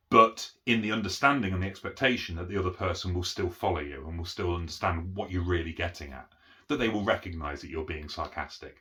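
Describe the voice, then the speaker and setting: Low and sharp-toned, a middle-aged autism educator talks about autism in one unscripted take. His explanation goes step by step, full of restarts and fillers, punctuated by "okay?" checks.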